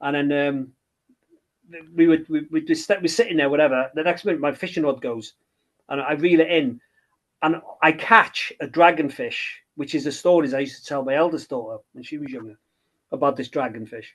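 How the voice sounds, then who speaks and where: Guy, middle-aged, kind of high voice, stumbles and restarts a lot chatting about his book. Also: brisk. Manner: rambling, hesitant, with many restarts. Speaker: children's book author. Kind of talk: casual interview chat.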